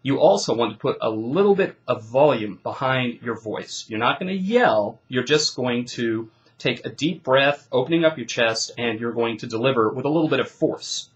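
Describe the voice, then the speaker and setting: A man's voice: mid-range voice, lively intonation, normal speed, lo-fi sound. A man coaching debaters, giving instruction in an emphatic, declarative way. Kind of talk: instructional talk.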